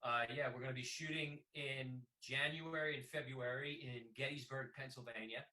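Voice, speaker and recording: A man's voice: medium pitch, fairly even intonation, normal speed, sharp tone, rough recording. A man, a filmmaker guest, chatting casually on a video call and laughing often.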